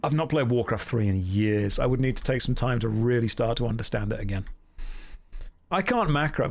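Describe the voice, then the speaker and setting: A man's voice: mid-range voice, animated, a little fast, slight background noise. A man in his thirties chatting casually and joking with his chat while streaming a game. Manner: joking, self-mocking storyteller reacting to chat.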